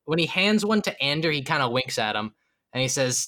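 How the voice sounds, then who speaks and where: A man's voice: medium pitch, big pitch swings, fairly quick, pushed and bright. A man narrating as game master in a tabletop game, loose and chuckling, with many fillers.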